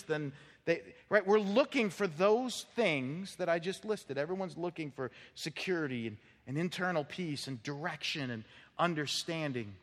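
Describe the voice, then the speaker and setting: A man preaching a sermon as pastor, animated, acting out quoted voices and repeating words as he builds up. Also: sits high. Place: church sanctuary. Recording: long reverb of a church hall.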